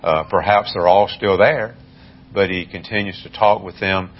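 Male Bible teacher, very deep voice, hesitant and measured delivery, dull lo-fi recording. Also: steady tone. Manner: measured, halting, many fillers and restarts. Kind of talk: Bible study lesson.

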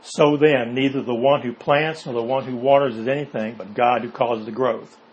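A man at a middling pitch leads an informal Bible study, reading verses and then breaking them down conversationally. He keeps pulling the group in with rhetorical questions and short check-ins. A faint hiss runs under his voice. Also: steady tone, normal speed, dull audio. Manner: asks rhetorical questions, checks in with "okay?" and "see?"; reads verses aloud, then explains them in plain words. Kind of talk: informal Bible class teaching.

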